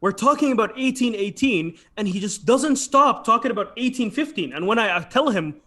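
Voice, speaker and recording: A man hosting a casual commentary chat, retelling events in an animated way. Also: high-pitched. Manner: animated, quick storytelling. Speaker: channel host.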